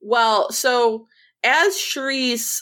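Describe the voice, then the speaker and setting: A woman's voice: a little high, very slow, sharp tone. A woman co-hosting a casual podcast, animatedly retelling scenes with quoted lines and laughter. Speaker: podcast co-host. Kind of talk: casual recap chat.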